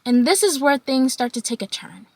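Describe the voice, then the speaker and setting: A young woman vlogger telling a storytime, animated, often laughing and acting out quotes in high voices. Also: normal speed, slightly rough. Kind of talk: storytime vlog.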